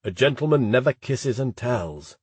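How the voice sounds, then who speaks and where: A man's voice: mid-range voice, expressive, normal speed, husky, dry recording. Man doing a smug young male student, boastful, dry close sound.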